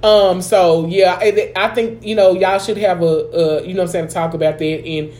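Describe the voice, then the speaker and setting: A woman co-hosting a podcast, talking in animated, slangy, profane casual chat. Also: fairly low pitch, moderate pace. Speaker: podcast co-host.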